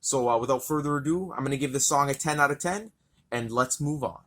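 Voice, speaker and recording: A man's voice: medium pitch, a little fast. A man reviewing an album in a casual, rambling, enthusiastic way, swearing often.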